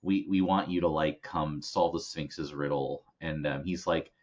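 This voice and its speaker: Deep-voiced man on a dull recording. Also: a little slow. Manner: relaxed, hesitant, fillers, trails off. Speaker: podcast co-host. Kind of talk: casual movie review chat.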